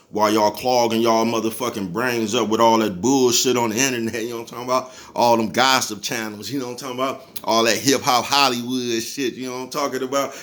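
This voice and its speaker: A man's voice: medium pitch, a bit bright. Chuckling, laid-back man preaching casually. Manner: laid-back, chuckles often, keeps asking "you know what I'm talking about?"; profane, preachy street talk. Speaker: vlogger. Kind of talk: casual motivational monologue.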